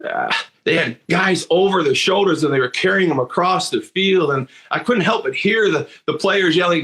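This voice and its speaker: A man's voice: on the high side, lively intonation, moderate pace, fairly bright tone. A man in his sixties from Michigan, telling a personal story in an earnest monologue full of restarts and repeated words. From Michigan, USA. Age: 60s. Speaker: motivational speaker.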